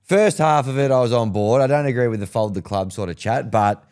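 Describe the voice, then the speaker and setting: A man's voice: medium pitch, brisk, a little mellow, clear, resonant tone. A man with an Australian accent hosting a casual sports podcast, upbeat and reassuring as he introduces voice notes from listeners. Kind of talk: casual chat.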